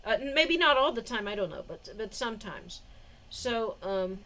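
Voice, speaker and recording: A woman's voice: on the high side, animated, normal speed, sharp tone, slight background noise. A woman vlogger telling a personal story in a rambling way, with restarts, fillers and short suspicious laughs.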